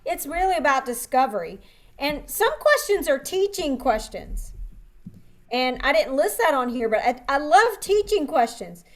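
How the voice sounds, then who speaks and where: High-voiced woman leading a coaching seminar. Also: moderate pace. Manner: animated, instructive, asks the audience questions. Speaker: dental practice trainer.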